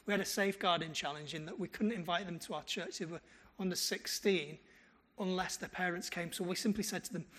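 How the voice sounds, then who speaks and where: A man's voice: high-pitched, fairly quick. A male pastor, preaching a sermon and telling stories with quoted dialogue. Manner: animated storytelling with quoted dialogue.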